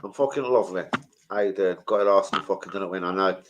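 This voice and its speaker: A middle-aged man, hosting a casual football fan livestream and bantering with viewers in a sweary, animated way. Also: sits low, quick pace, heavy background noise. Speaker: football fan channel host.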